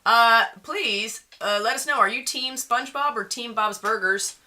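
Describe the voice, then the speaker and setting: A woman with a strikingly bright, sharp voice chats on a livestream, bubbly and quick to get excited. Her voice sits a little high for a woman. She greets viewers and reads out their comments. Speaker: livestream co-host reading chat. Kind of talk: casual livestream chat.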